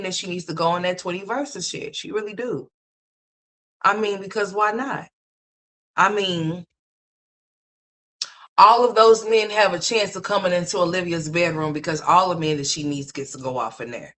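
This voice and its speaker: Bright-voiced, blunt, mocking commentary host. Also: mid-range voice, slight background noise. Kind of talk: opinion commentary on online drama.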